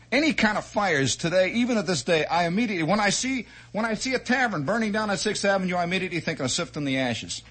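A man telling a comic childhood story as a monologue, animated and chatty, with asides and mouth sound effects. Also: on the high side, husky. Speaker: radio storyteller.

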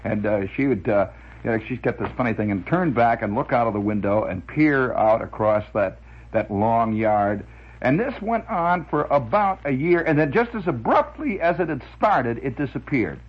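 Husky man telling rambling radio stories. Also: medium pitch, normal speed, dull audio. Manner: lively, chuckling, full of filler "uh"s. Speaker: radio monologist. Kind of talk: rambling storytelling monologue.

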